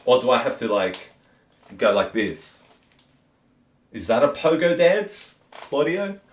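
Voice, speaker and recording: An Australian man hosting a casual live chat stream and talking to viewers in a relaxed, rambling way with many fillers. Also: mid-range voice, slow pace.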